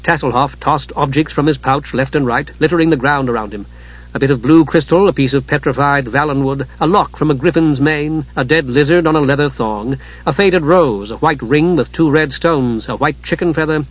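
A man with a fairly high voice reads a fantasy audiobook, pacing the action with measured drama. The recording has a dull, lo-fi sound to it. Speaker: audiobook narrator. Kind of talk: scripted fantasy audiobook narration.

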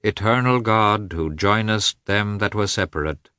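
A man voicing a weary, meek older priest, reading a wedding prayer in a slow sing-song chant. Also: on the low side, pushed and bright, clear, resonant tone, no echo, studio quality. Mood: solemn chant.

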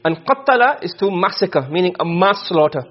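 A man's voice: high voice, fairly even intonation, a little fast, highs cut off. A man teaching a class in a lecture style, firing questions at the students and repeating himself as he explains. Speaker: Arabic rhetoric teacher.

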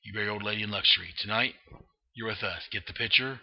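A man's voice: lowish voice, fast, natural voice. A man voicing a menacing male gangster who makes hard, clipped threats, on a dull lo-fi recording.

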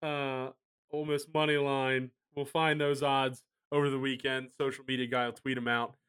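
A man's voice: medium pitch, flat delivery, normal speed, a bit bright, clean tone. A man hosting a sports betting podcast, steering the segments with dry sarcasm and a few hesitant fillers. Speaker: podcast host. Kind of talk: casual sports betting chat.

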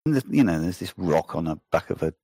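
A man with a low, slightly husky voice tells long, rambling stories in casual talk. He swears freely and gets animated as he goes. The sound is close and dry. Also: fast talker, no room sound. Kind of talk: casual chat.

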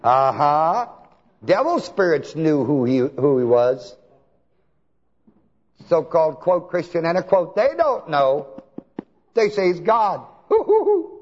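A man preaching a sermon, asking his listeners to fill in words and swinging between soft talk and shouts. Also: a little high, animated, slow pace, long pauses. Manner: asks the congregation to fill in words. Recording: long hall reverb, dull lo-fi sound.

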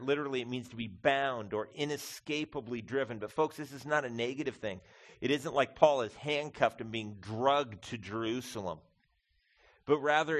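A middle-aged male pastor preaching a conversational sermon, calling the congregation "folks" and swinging between quiet reflection and loud emphasis. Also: mid-range voice. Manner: conversational, addresses listeners as folks.

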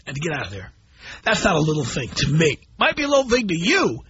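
A middle-aged man hosting a call-in radio show, blunt and animated as he tells stories to his listeners. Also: a little high, fast talker, slight background noise. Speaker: radio talk show host. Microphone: studio microphone. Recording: dull broadcast audio.

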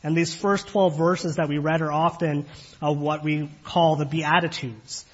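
Husky-voiced man preaching a sermon. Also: fairly high pitch, fairly even intonation. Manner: earnest, measured preaching with frequent fillers and rhetorical questions. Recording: dull lo-fi recording.

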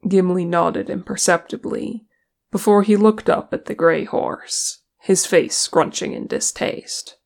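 A reader tells a fan fiction story at an unhurried pace. The voice has a gravelly texture, and the storytelling is steady and even. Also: medium pitch. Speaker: audiobook reader. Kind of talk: fan fiction audiobook narration.

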